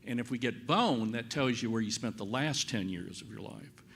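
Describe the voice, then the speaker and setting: A man's voice: mid-range voice, normal speed, creaky, a bit bright, slight background noise. A man on a panel giving a plain, patient explanation of forensic science at a public briefing.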